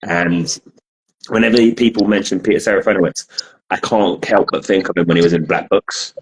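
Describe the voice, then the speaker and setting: A man hosts a casual podcast in a lowish voice. He is laid-back and swears freely. He talks easily with his guests. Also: moderate pace, breathy edge, poor audio. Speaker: podcast host. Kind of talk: casual chat.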